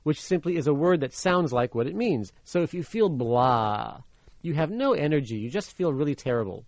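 Animated man explaining slang. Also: fairly high pitch, moderate pace, dry recording. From Los Angeles, USA. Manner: playful, animated, laughs easily. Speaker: slang teacher. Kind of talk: storytelling lesson explaining idioms. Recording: slightly muffled radio recording.

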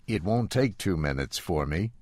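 A man voicing a carefree, polite young gentleman who speaks light-heartedly. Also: sits low, lively intonation, moderate pace, no echo. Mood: polite, breezy.

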